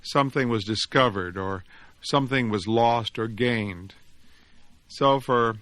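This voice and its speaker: A man, the author, reading his own story aloud in an expressive, measured storytelling voice. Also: mid-range voice, no echo. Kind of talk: dramatic reading of fiction and reflective commentary.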